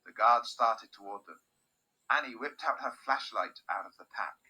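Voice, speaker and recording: A man reads a children's chapter book aloud, his narration expressive and full of swings in pitch. His voice is very bright and a touch husky. He has the steady, clear delivery of a teacher. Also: moderate pace, rough recording.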